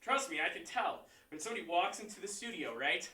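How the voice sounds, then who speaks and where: A man teaching a martial arts class online, counting out moves, shouting kiai and giving encouraging pep talks. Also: sits high, expressive, brisk. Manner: encouraging, pep-talk delivery. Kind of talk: leading a livestream class. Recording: echoey room, voice far from mic.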